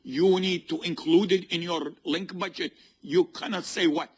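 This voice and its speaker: A man's voice: high-pitched, steady tone, normal speed, slightly rough. A male university professor giving a classroom lecture, constantly asking the students to fill in the answer and checking whether they follow. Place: lecture hall.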